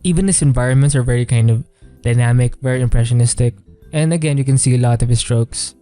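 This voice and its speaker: Relaxed rambling man reviewing art. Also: medium pitch, fast, soft background music. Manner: relaxed, rambling, many fillers and "kind of". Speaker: artist reviewing artwork. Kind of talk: casual art commentary.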